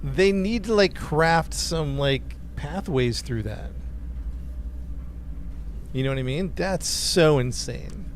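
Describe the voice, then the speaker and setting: A man's voice: on the high side, animated, takes it slowly, pauses often, a little hiss or hum. A man streaming a game live, commenting to his chat and venting frustration as he plays. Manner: frustrated, talks to chat while playing. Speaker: gaming streamer.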